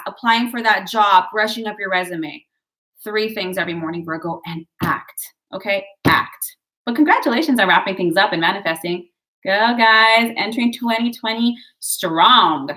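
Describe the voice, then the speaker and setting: Bright-voiced chatty woman reading tarot. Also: medium pitch, a little slow. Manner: chatty, digressive, encouraging, addresses viewers as guys. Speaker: tarot and astrology reader. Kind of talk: casual horoscope reading to camera.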